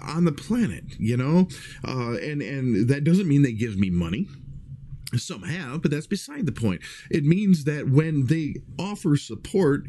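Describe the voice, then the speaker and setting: A man's voice: medium pitch, dark tone. A man talking casually to his livestream viewers, earnest and rambling, with many fillers and restarts. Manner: earnest, reflective.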